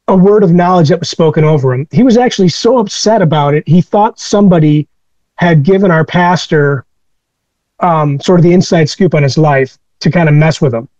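High-voiced man telling candid stories. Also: darkish tone, no echo, dull audio. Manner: candid, reflective storytelling. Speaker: guest. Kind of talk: personal storytelling in an interview.

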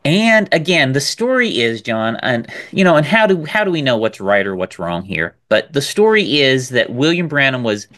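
A man co-hosting a podcast, talking in an animated, emphatic way and repeating words as he builds a point. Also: medium pitch, moderate pace, few pauses. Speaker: podcast co-host. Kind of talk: casual podcast discussion.

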